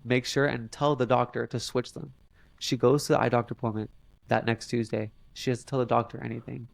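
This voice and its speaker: A young man, a podcast guest, telling a long story in a halting way with many fillers and restarts. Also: mid-range voice, flat delivery, vocal fry, no echo. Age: young adult. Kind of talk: casual storytelling interview.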